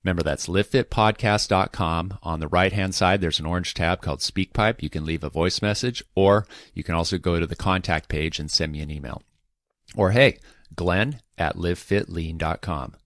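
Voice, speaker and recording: A man's voice: sits low, moderate pace, no room sound, studio quality. A man hosting his own podcast, talking directly to listeners and reading out their messages. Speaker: podcast host. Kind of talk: solo podcast talk.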